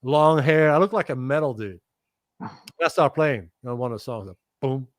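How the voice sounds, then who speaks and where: A middle-aged musician on as a guest swaps stories informally, animated and liberal with swear words, performing other people's parts. His pitch is medium, his speed normal, and there's no echo.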